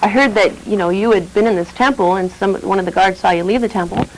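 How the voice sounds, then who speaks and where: A woman voicing an outraged male high priest who exclaims indignantly. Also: fast talker, a little hiss or hum, close to an everyday voice, low-quality recording. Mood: accusing.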